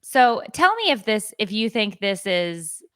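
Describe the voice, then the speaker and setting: Bright-voiced woman telling a lively story. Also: medium pitch, a little slow, clean tone, dry recording, clean studio sound. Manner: animated storytelling, acting out quoted voices. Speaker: podcast co-host. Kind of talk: casual chat.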